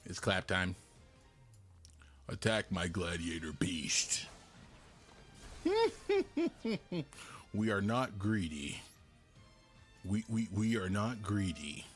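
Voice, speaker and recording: A man streaming a card game live, loud and playful, laughing and breaking into sudden high shouts and mock-preachy lines. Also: extremely slow, pauses often, soft background music. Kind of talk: live gameplay commentary.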